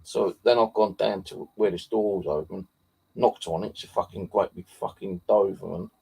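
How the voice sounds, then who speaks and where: Man, low husky voice, dark tone, casual sweary storytelling. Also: fairly even intonation, moderate pace. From Bexley, southeast London. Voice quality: deep gravelly husky voice. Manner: heavy swearing, rambling with fillers. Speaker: paranormal vlogger. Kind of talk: casual rambling anecdote.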